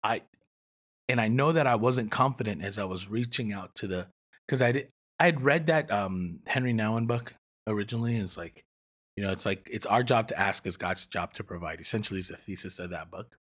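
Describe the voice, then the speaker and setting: Guest: young man, very deep and husky, earnest and rambling, church planter telling his story. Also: a little fast, a bit bright. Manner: earnest, rambling with many restarts. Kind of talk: personal storytelling in an interview.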